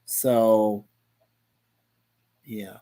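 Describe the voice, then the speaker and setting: A man's voice: lowish voice, flat delivery, very slow, mellow. A man hosting a casual live stream. He reads chat messages aloud and talks in an upbeat, rambling way. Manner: upbeat and easily delighted.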